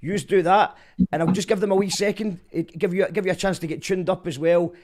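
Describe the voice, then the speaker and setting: Chatty radio host, high voice. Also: male voice, fairly even intonation, brisk, darkish tone. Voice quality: chatty, reads out comments. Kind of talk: live online radio show hosting.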